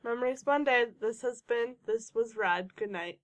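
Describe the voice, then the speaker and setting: High-voiced woman tossing in dry quips. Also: moderate pace. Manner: dry quips and deadpan asides. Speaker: podcast co-host. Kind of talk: casual movie-recap chat.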